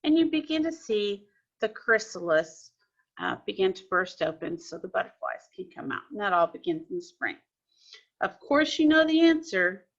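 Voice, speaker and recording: Patient teacher woman, slow and bright. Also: mid-range voice, highs cut off. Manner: patient, explaining step by step to children. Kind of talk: recorded classroom lesson.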